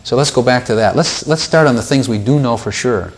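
A man's voice: medium pitch, fairly quick. A man leading an informal Bible study, talking things through casually, repeating words and lifting his voice when he quotes scripture.

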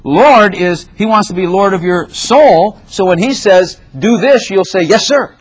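An older man preaching a sermon to a congregation, animated and exhorting, often acting out prayers in his own voice. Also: sits high, a little slow.

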